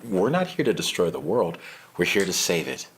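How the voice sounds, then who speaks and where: A man playing a preachy activist, low husky voice. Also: very animated, moderate pace, heavily acted. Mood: earnest. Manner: preachy, earnest. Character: earnest male rights activist, self-righteous.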